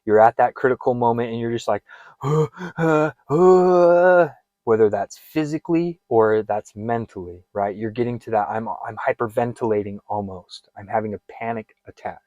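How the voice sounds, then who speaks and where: A man's voice: lowish voice, a little fast, few pauses, mellow, no room sound, lo-fi sound. A man coaching listeners through a breathing exercise in an earnest, direct way, often repeating his instructions. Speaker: fitness and wellness coach.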